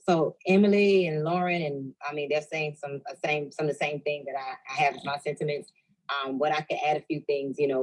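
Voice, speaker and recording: A woman's voice: low voice, rough recording. A woman on a panel giving earnest, emphatic advice on presenting. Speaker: panel guest.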